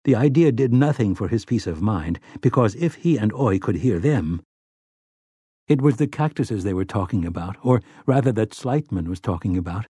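A man narrating a novel aloud in a steady, brisk storytelling manner. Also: lowish voice, breathy edge, no echo, studio quality. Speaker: audiobook narrator.

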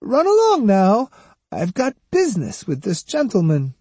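A man voicing a sly, teasing woman of the night in an audiobook, mocking and coaxing in a high, sing-song voice. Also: wildly swooping pitch, a little slow, mellow, dry recording, exaggerated voice. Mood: seductive. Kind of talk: audiobook character voice.

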